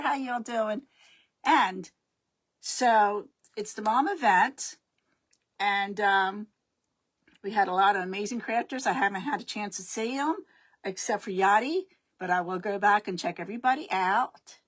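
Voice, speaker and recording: A middle-aged woman hosting her crafting livestream, chatting casually and greeting viewers by name as they join. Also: medium pitch. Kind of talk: casual live-stream chat.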